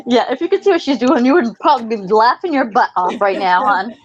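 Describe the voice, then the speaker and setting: High, animated chatty woman caller. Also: a little fast, dull audio, slight background noise. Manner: chatty and laughing, fusses over her dog. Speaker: caller on a live chat. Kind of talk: casual chat.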